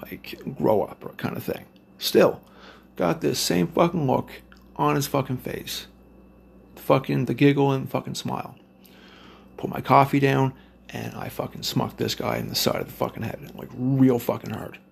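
A man's voice: mid-range voice, fairly even intonation, moderate pace, creaky, slight background noise. A man telling a rambling, profane story to his listeners in a loose, blunt way.

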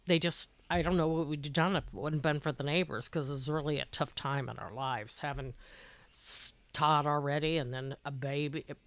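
A woman's voice: sits low, fairly even intonation, normal speed, no room sound. An older woman, the mother of the family, reminiscing about raising her sons. She finishes the others' sentences and tells stories in a plain, homey way. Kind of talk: casual family chat.

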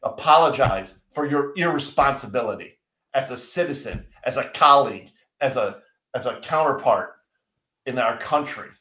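A man in the middle of a heated political rant, swearing as he goes and tripping over his own restarts. His voice sits at an ordinary pitch and carries a roomy, echoey ring from the space around him. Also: expressive, normal speed, sharp tone. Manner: ranting, swearing, frequent restarts. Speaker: podcast co-host. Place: indoors, seated at a desk.

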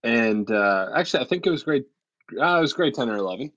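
A man's voice: mid-range voice, animated, quick pace, a bit bright, lo-fi sound. A man co-hosting a casual podcast, laid-back and hesitant with many fillers. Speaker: podcast co-host, pastor. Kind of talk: casual chat. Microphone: remote call.

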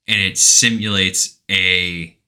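A man co-hosts a casual podcast, walking through a game's story in a bright, forward voice. Now and then he breaks into loud put-on voices for the characters' lines. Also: low voice, steady tone, slow. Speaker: podcast co-host. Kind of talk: casual podcast recap of a video game.

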